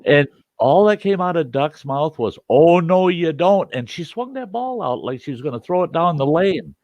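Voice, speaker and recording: A man hosting a storytelling show, telling a tale in a folksy, animated way with salty language, on a dull, dry recording. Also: a little high, normal speed, no echo. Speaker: storyteller host. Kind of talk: casual spoken storytelling.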